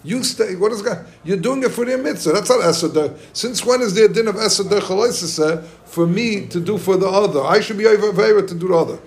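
A man giving an excited Talmud lecture to students, restarting often and asking listeners questions. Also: sits high, a little fast, hardly any pauses. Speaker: Talmud teacher.

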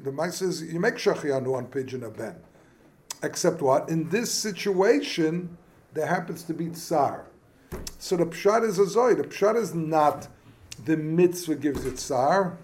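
A man with a fairly high voice gives an informal Talmud class, stopping and restarting as he works through each point. He mixes study terms into his talk and keeps checking in with "right?". Faint noise and clicks sit under the recording. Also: darkish tone. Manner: halting, repeats words, asks rhetorical questions; mixes Yiddish-Hebrew study terms into speech. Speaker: rabbi teaching Talmud class.

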